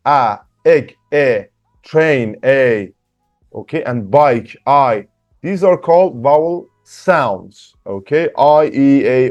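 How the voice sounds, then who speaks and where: A man teaching beginner through a workbook, patient, slowly spelling out sounds and repeating words. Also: on the high side, darkish tone, muffled recording. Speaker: English teacher. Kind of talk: slow workbook lesson for beginners.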